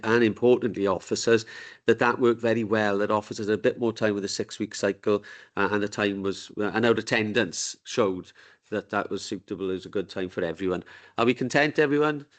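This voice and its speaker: A man's voice: lowish voice, steady tone, brisk. A man chairing a council committee meeting. He speaks in an informal, joking way, with the sound of a desk microphone in a meeting room.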